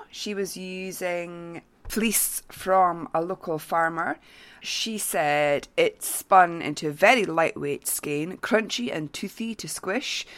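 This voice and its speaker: A woman hosts a relaxed craft podcast, reading out listener notes. Her voice sits a little low, and she talks slowly, pausing often with small fillers. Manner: slow, halting reading with fillers. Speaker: podcast host.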